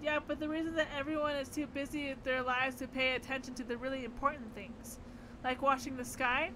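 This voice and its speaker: Woman doing a drowsy, deadpan odd girl. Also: high-pitched, noisy background, natural voice. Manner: slow, slurred and dreamy.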